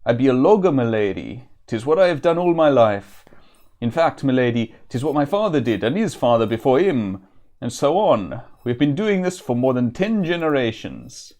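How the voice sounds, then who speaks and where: A man's voice: medium pitch, lively intonation, brisk, hardly any pauses, darkish tone, lightly acted. A man voicing a proud, courteous male forest logger in a vague put-on rustic accent and old-fashioned courtly speech.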